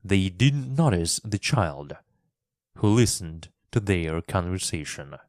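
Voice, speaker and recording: Slow, low-voiced male storyteller. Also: dry recording, studio quality. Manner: expressive, clearly paced reading. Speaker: storyteller and English teacher. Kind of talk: scripted narration for English learners.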